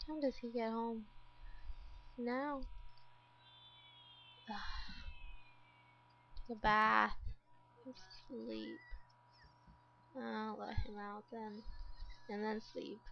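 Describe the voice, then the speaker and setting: A woman's voice: a little high, animated, extremely slow, pauses often, highs cut off, a little hiss or hum. A woman giving casual gameplay commentary as a let's play host, exasperated and talking to the game characters.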